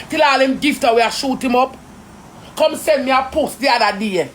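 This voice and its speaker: A woman with a Jamaican accent, ranting indignantly in rapid patois on a live stream. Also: high-pitched, slight background noise. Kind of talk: heated live-stream rant.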